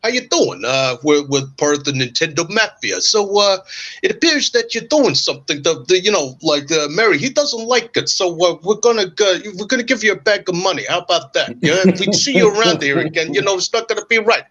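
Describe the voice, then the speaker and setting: A man's voice: high-pitched, expressive, fairly quick, fairly bright tone, voice pushed up. A man putting on a swaggering male mob enforcer who talks in a mock-friendly, menacing way. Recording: dull lo-fi audio.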